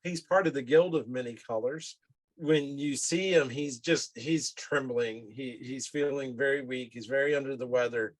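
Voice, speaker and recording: A man's voice: mid-range voice, moderate pace, no room sound, poor audio. A man speaking casually as a player in a tabletop game, hesitant and full of fillers.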